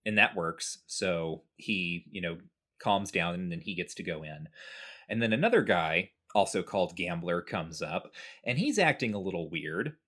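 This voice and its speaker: In a casual chat, a low-voiced man at normal speed tells his co-host about a video game playthrough. His storytelling is relaxed, and he briefly acts out the characters' lines.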